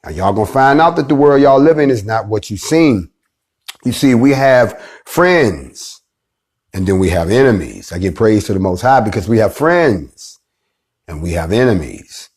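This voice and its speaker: A man hosting a live online show, giving a defiant, preacher-like monologue that swings from slow, low passages to loud, forceful ones. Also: sing-song, husky. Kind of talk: impassioned live-stream monologue.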